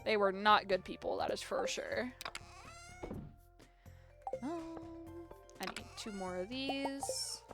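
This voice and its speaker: A woman's voice: on the high side, animated, slow, long pauses, music in the background. A woman game streamer chatting casually while she plays, rambling through a story with lots of "like" and free swearing.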